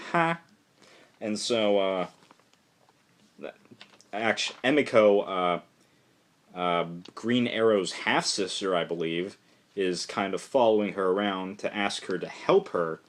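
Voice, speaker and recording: A man casually reviewing a comic book issue for a vlog, rambling and excitable, filling his talk with "like" and "just". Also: low voice.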